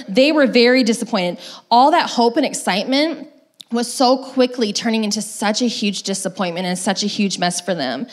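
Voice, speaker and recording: A woman's voice: fairly high pitch, brisk. A young adult woman pastor preaching a sermon. She tells the story casually, with lots of fillers, and acts out quoted lines. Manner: lively retelling with acted quotes.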